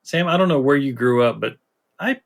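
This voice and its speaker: A man's voice: mid-range voice, lively intonation, fairly quick, creaky, soft background music. A man with a Southern US twang, co-hosting a podcast in casual, folksy storytelling chat. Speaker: podcast co-host.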